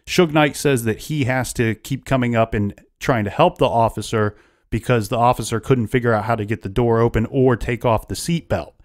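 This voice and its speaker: A man's voice: mid-range voice, moderate pace. A man hosting a casual true-crime podcast, retelling events at length with frequent restarts. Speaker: podcast host.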